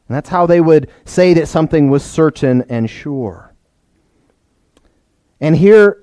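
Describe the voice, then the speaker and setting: A man's voice: on the high side, warm tone, no echo. A man preaching a sermon to his church, explaining plainly and putting questions to the children. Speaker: pastor.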